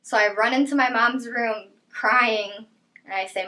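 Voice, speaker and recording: A young woman giving personal testimony in an interview, telling her story in a quiet, halting way that trails off softly. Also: on the high side, steady tone, low-quality recording.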